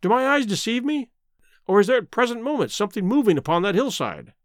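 Reading a storybook, a man voices a spiteful old squire full of pompous indignation and bluster. His voice sits high, leaps around in pitch and has a sing-song, fast, excited delivery. It's recorded on a dry close mic with no echo.

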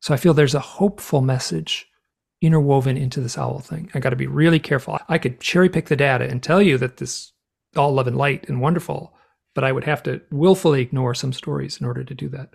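Gravelly, earnest male storyteller. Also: mid-range voice, fast talker. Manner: earnest, animated storyteller who acts out quotes. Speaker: author and guest. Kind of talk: storytelling interview talk.

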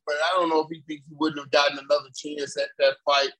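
An older man co-hosting a sports talk show, telling excited stories in a rambling way and repeating his words as he goes. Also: fairly high pitch, fast talker, hardly any pauses, poor audio. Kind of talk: casual sports chat.

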